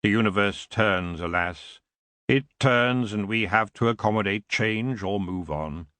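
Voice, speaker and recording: A man doing a smooth, languid elf king. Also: on the low side, unhurried, sharp tone, no room sound, pitched below the performer's own voice. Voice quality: smooth, lazy drawl. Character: tall antlered elf king, languid, cruel.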